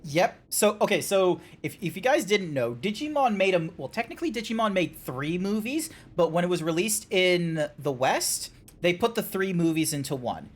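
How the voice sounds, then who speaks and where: A man hosting a game stream, chatting casually in a rambling, animated way with quick restarts. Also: sits high. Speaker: streamer and host.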